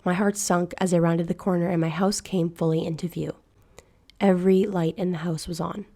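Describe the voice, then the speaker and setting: Woman narrator for a horror story read-aloud; hushed, measured, mellow tone. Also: lowish voice, steady tone.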